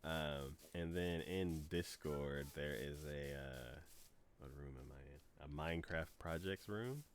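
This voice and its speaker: A man streaming a game and chatting casually, acting out his own reactions with animated energy. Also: very deep voice, slow, a little hiss or hum. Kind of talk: casual chat while gaming. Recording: loud music behind the voice.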